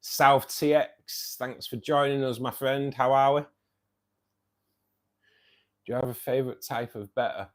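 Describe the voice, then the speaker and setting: A man's voice: mid-range voice, fairly even intonation, a little slow, long pauses. A man hosting a casual livestream. He reads out viewers' chat, says "mate" a lot and laughs often. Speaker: livestream host reading chat.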